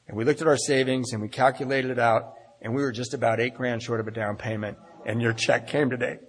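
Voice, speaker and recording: Speaking fast with fairly even intonation, a middle-aged AA speaker recounts his recovery in a mid-range, husky voice. The meeting hall adds long reverb, and he laces the story with humor at his own expense, playing out each exchange.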